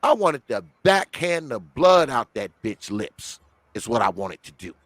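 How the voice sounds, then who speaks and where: A man who is a guest on a podcast, telling a story in an animated, heavily profane way. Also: mid-range voice, a little slow, no room sound.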